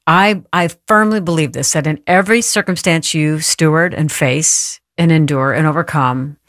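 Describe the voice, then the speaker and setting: Woman, talk show host, deep low voice, earnest, preacherly, dry close sound. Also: moderate pace, fairly bright tone, dry recording. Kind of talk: faith talk show conversation.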